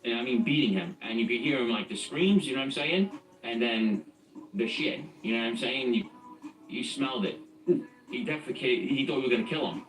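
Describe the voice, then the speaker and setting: A man's voice: mid-range voice, brisk, fairly bright tone. A middle-aged man telling his own story as a guest in a blunt, streetwise and profane way. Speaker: guest recounting his past. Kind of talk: casual spoken storytelling. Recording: echoey, distant from the mic, faint music.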